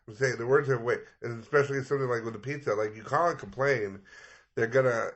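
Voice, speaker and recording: A man co-hosting a comedy podcast, chatty and quick with asides, often restarting his sentences. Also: medium pitch, a bit bright. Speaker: podcast co-host. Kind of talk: casual comedy chat. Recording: dull lo-fi recording.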